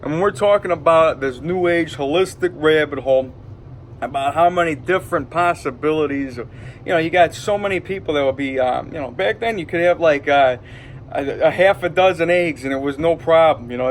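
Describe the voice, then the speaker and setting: A man's voice: fairly high pitch, a little fast, a little hiss or hum. Rambling hyped-up man with a Detroit accent. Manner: rambling, loose, hyped-up, lots of fillers. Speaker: vlogger. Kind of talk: rambling casual monologue. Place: indoors at home.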